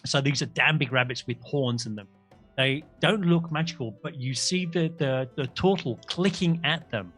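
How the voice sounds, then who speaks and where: A man's voice: mid-range voice, moderate pace, a bit bright, faint music behind. A man narrating a tabletop game as game master, rambling and correcting himself as he goes. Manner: rambling, self-correcting, jokey.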